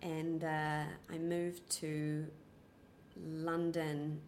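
A young woman with a soft, well-spoken New Zealand accent, answering interview questions casually with many ums and restarts. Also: sits low, monotone, very slow, slight background noise.

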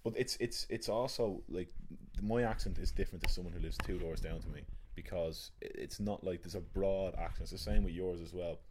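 A man's voice: deep voice, a little fast, few pauses, noisy background. A young Irish man with a Dublin accent, an actor, chatting casually and rambling with many restarts. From Ireland. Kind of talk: casual chat.

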